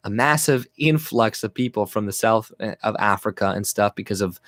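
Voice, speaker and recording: A man's voice: fairly low pitch, normal speed, fairly bright tone, dry recording. Guy ranting on a livestream, swears a lot, chuckles, dry close mic. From Canada. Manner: blunt, profane, laughs often. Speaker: livestream host. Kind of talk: casual livestream rant.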